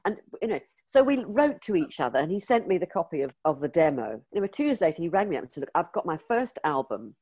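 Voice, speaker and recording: A woman's voice: fairly low pitch, fast talker, few pauses, breathy edge. An older British woman, a former magazine editor, telling stories in an interview and acting out the voices in her anecdotes. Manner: lively anecdotal storyteller, acts out quoted dialogue. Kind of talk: storytelling interview.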